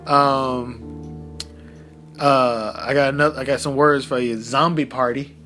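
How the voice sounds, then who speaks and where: A man's voice: mid-range voice, fairly even intonation, sharp tone, soft background music. Joking man in casual podcast chat. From American South. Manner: joking, many fillers, quick laughs. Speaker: podcast co-host.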